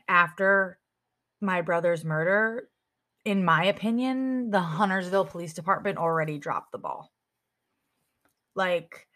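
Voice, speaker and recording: A woman giving an emotional personal account to an interviewer, halting, with many fillers and restarts. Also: lowish voice, pushed and bright. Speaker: interviewee, sister of a murder victim.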